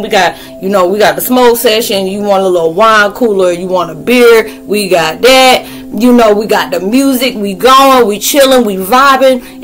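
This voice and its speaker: Woman vlogger, slangy, animated, casual, soft music behind. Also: medium pitch, fairly quick. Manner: loose, animated, slangy, acts out quoted friends. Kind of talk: casual spoken vlog, talking to viewers.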